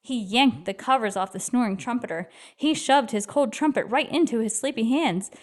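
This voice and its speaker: A woman's voice: fairly high pitch, moderate pace. Woman reading a children's book aloud. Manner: expressive, lively narration. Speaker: storyteller.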